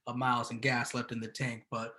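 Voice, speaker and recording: A man's voice: medium pitch, completely flat delivery, a little fast, pushed and bright. A man hosting an interview, asking loose, rambling questions with fillers. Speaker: interview host.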